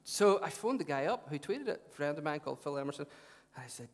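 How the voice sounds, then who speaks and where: A man preaching from the pulpit, his voice sitting a little high for a man. He talks in a chatty, lively way, dropping joking asides in between the Scripture he reads. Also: quick pace. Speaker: pastor. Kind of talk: sermon.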